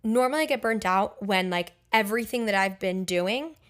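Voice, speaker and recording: A woman's voice: medium pitch, moderate pace. A young woman hosting her own podcast, talking casually and chattily with frequent fillers. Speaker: podcast host. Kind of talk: casual solo podcast talk.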